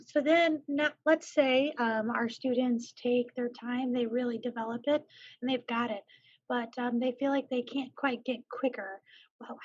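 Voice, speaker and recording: A woman's voice: fairly high pitch, muffled recording. A woman hosting a music masterclass, asking the teacher a question with hesitant fillers. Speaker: host.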